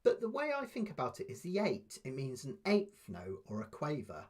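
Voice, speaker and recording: A man teaching a live online ukulele lesson, patiently explaining step by step and counting beats aloud softly. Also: mid-range voice, huge pitch swings, moderate pace, breathy edge.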